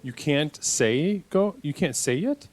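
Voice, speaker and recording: A male host doing improvised comedy banter, deadpan and patient, often restarting his sentences. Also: on the high side, slow.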